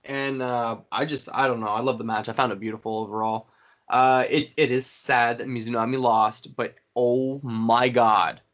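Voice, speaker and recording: A man co-hosting a casual podcast chat, retelling moments with excitement and energy. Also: medium pitch, moderate pace. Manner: excited storytelling, acts out quotes. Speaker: podcast co-host.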